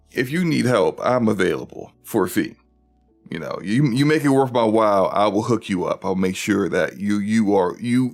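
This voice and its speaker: Upbeat low-voiced man hosting a stream. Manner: chatty, rambling with restarts, upbeat. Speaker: podcast host. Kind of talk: casual livestream chat.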